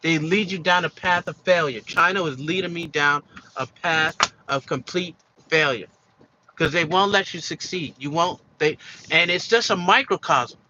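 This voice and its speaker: A man with a very bright, forceful voice pitched a little high delivers a casual opinion monologue for his channel. He hammers his points home, repeats himself and fills gaps with restarts. The recording sounds slightly dull and lo-fi, with a faint hiss of noise behind him. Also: moderate pace. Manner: emphatic and repetitive, with many fillers and restarts. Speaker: commentary vlogger.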